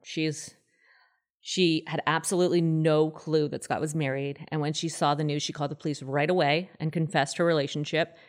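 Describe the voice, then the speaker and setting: Female podcast host, thirties, low voice, chatty and animated true-crime teller. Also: brisk. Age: 30s. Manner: chatty, animated, acts out quoted people in a higher voice. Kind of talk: casual true-crime storytelling.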